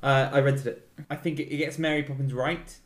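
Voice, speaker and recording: A man's voice: medium pitch, steady tone. A man in his thirties hosting a casual film podcast, joking and teasing between opinions. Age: 30s. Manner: wry, teasing, quick asides. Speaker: podcast host. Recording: roomy echo.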